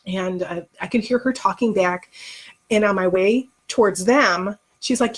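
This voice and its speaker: A middle-aged woman speaks at a medium pitch for her sex. She tells a personal story to the camera in a candid, conversational way. Her retelling is openly emotional and rambles a little. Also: measured pace, husky. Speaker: vlogger.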